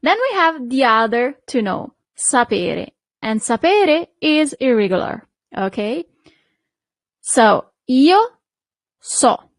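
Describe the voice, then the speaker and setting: A woman's voice: on the high side, big pitch swings, takes it slowly, dry recording. A woman teaching a language lesson, patiently repeating each word and checking in with the listener. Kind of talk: slow, clear language lesson.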